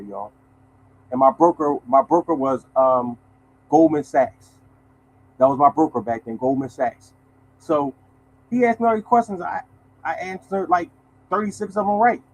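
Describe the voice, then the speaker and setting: Chatty older male storyteller, sixties, slang-heavy, a bit high-pitched. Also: a little hiss or hum, rough recording. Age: 60s. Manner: animated, colloquial, addresses viewers as y'all. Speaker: show host telling a story. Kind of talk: casual storytelling to viewers.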